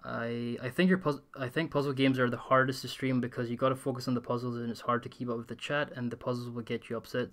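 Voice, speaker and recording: A tired young Scottish man live-streams a game from a hot room at home, speaking into a desk USB condenser mic in a mild Scottish accent that leans mostly English. His medium-pitched, fairly bright voice comes out flat and fast with hardly any pauses. Worn out by the heat, he rambles through casual chat and answers viewers with frequent restarts.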